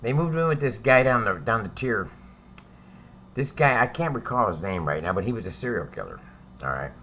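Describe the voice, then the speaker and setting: A man's voice: lowish voice, lively intonation, a little fast, fairly bright tone, a little hiss or hum. A man telling a story about his time in prison in a casual, profane, rambling way, often adding "right?" as he goes.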